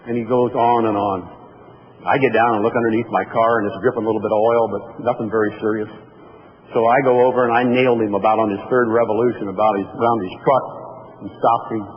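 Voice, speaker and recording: A man's voice: fairly low pitch, flat delivery, quick pace. A man giving a motivational speech, telling folksy personal anecdotes to an audience. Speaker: motivational speaker. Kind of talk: storytelling keynote speech. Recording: echoey hall, dull lo-fi sound, faint noise.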